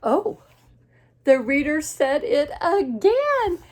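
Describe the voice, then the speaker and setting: A woman's voice: big pitch swings, full character voice. A woman doing a panicky cartoon elephant. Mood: giggling. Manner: loud, high, drawn-out exclaiming. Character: excitable male elephant, easily panicked.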